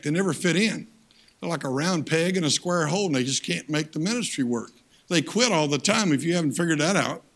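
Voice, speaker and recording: A man preaching a sermon as a guest speaker, telling stories and slipping into loud character voices. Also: fairly high pitch. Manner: storytelling preacher, swings into loud acted voices.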